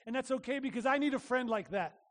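A male pastor giving a conversational sermon, animated, acting out little voices and asking the room questions. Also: very high voice, quick pace, in a large hall.

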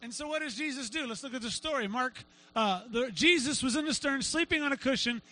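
High, bright-voiced animated preacher man. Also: fairly quick, poor audio. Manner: animated storytelling, acts out quotes. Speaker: pastor. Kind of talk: sermon.

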